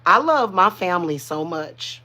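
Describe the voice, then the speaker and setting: A woman talks straight to her viewers in a loose, emotional livestream ramble, often restarting her sentences. Her voice is bright and forceful. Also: fairly low pitch, big pitch swings, a little slow. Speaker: spiritual reader and channel host. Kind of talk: casual livestream chat to viewers.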